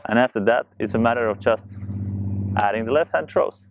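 A man walks through a juggling tutorial in a casual, fast-talking way, explaining as he goes. His voice sits at an ordinary middle pitch. A faint hiss of noise runs under the recording. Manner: talks fast while demonstrating, loose and chatty. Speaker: juggling instructor.

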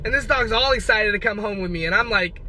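A man's voice: high voice, fast talker, pushed and bright. A man doing a brash, profane comedy vlog outdoors on city streets. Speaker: vlogger. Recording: distant mic, street noise.

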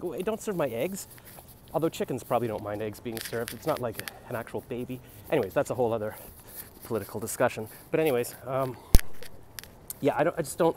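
There's a little hiss or hum behind this young man's mid-range voice as he rambles comically in a street vlog. A comedian vlogger, he muses and free-associates outdoors in the city, recording on a handheld phone.

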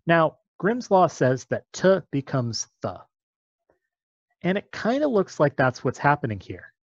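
A man's voice: fairly high pitch, sing-song, a little slow, no room sound, dull audio. A man explaining a topic step by step in a patient, methodical lecture.

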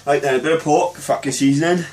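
A man's voice: a little high, fairly even intonation, quick pace. A young man with a Welsh accent, swearing and groaning in disgust as he mixes a foul drink in a kitchen. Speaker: vlogger doing a drinking dare. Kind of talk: casual swearing commentary. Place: kitchen indoors. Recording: distant phone audio with background noise.

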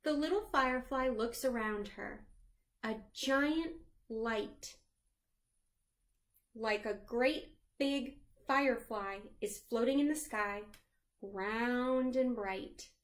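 Slow, gentle woman reading a children's story. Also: a little high. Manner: sings the chorus lines in a lilting voice. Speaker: librarian reading aloud. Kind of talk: children's read-aloud.

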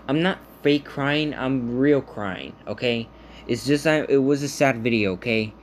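Guy vlogging, rambling and restarting, earnest and reassuring, mid pitch, faint hiss behind. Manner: rambling, halting, many restarts. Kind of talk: casual talk to camera.

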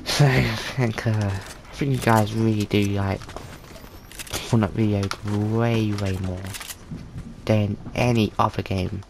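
A man's voice: on the low side, fairly even intonation, slow pace, gravelly, background noise. A man giving loose, rambling gaming commentary for his channel, full of slang and restarts. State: tired. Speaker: gaming video creator.

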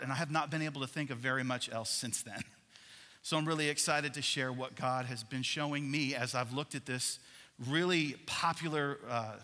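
Preaching in a big church worship center, a man keeps his sermon animated, repeatedly putting questions back to the congregation. His bright, forceful voice sits somewhat high for a man, and the hall's long reverb trails after it.

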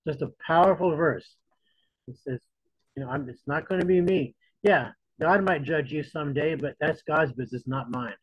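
A man's voice: on the high side, moderate pace, slightly rough, no echo, highs cut off. A man teaching a Bible lesson as a sermon, talking in a conversational way and retelling scripture in casual modern words.

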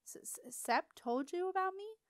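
A woman's voice: very high voice, expressive, normal speed, no echo, studio quality, voice pushed up. A woman reading a shy young boy who stammers and hesitates, in a storybook reading. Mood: flustered.

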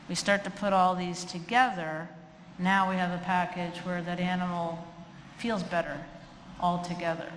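Animated woman lecturing in an echoey hall. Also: lowish voice. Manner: animated, acts out quoted voices with humor. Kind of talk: humorous live lecture. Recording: echoey hall, faint room noise.

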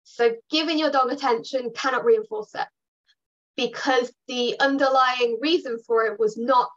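Woman dog trainer, high voice, chatty and reassuring workshop delivery, lo-fi sound. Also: moderate pace, a bit bright. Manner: chatty and reassuring, with fillers and upbeat put-on bits. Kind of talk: online workshop talk.

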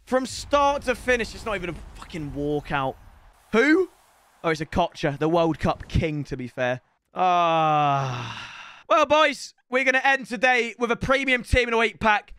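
A man streaming a football video game live, excitable and swearing, often shouting at the game. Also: high-pitched, moderate pace, smooth, no echo. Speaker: gaming streamer. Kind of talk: live gaming stream chat.

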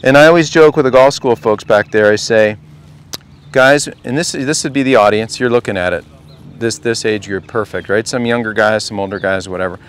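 A man's voice: lowish voice, brisk, smooth. A man coaching a group at a golf clinic, talking casually and asking the group question after question. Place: outdoor golf practice range.

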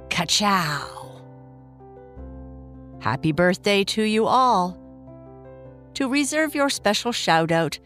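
A woman hosting a bedtime story show, reading listener shout-outs and narrating a children's story in a slow, soothing way. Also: lowish voice. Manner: slow, soft and soothing, reading names warmly. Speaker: storyteller host.

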